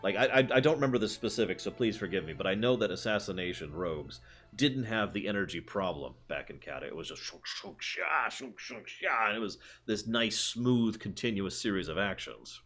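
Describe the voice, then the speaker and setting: A man's voice: on the low side, expressive, brisk, a bit bright. A man streaming a video game, chatting casually and answering his chat as he plays. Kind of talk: casual gameplay commentary.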